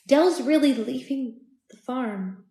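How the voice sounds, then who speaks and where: A wistful, self-conscious grown woman who hesitates and catches herself, voiced by a woman reading aloud. Her voice sits fairly high. It sounds in an echoey room. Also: animated, slow pace, mellow, exaggerated voice. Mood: petulant. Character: wistful grown woman, hurt by sister's leaving.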